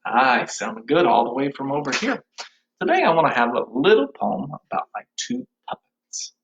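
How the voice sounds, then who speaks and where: A man teaching an online music class for young children, cheerful and encouraging, now and then dropping into high and low puppet voices. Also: huge pitch swings, normal speed, vocal fry, fairly bright tone, highs cut off, slight background noise. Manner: cheerful, encouraging, speaks to small kids.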